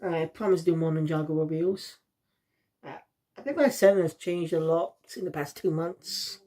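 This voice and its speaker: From South Wales, casual reviewer, rambling, drifts off topic, mid pitch. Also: normal speed, dark tone. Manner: rambling, loses the thread.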